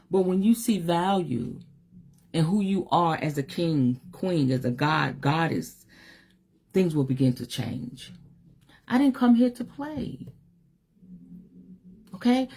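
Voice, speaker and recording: A woman's voice: on the high side, a little mellow. A middle-aged woman giving a livestream motivational talk as a spiritual teacher, emphatic, slangy and direct.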